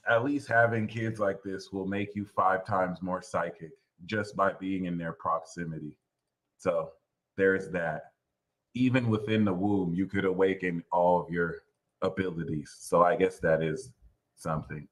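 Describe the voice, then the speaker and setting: A man hosting an astrology show, ranting casually and animatedly, swearing and jumping into high mocking voices when quoting others. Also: lively intonation, measured pace, bright, forceful tone, low-quality recording. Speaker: astrology channel host. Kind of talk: casual livestream rant.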